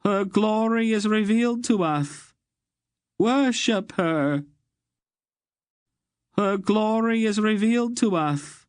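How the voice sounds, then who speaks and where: High chanting eunuch priests. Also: male voice, slow pace, no room sound, studio quality. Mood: fervent chant. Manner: ritual chanting.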